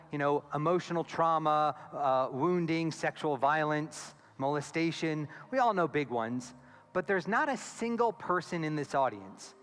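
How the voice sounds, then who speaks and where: A man giving a conference keynote as a therapist, animated and acting out quoted voices, on a stage mic in a large hall. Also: on the high side. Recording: long hall reverb with faint music.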